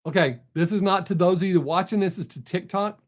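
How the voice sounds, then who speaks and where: A man's voice: high voice, a little fast. A middle-aged man hosts a live stream, chatting casually and bluntly with his viewers and telling stories. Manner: blunt, talkative, storytelling.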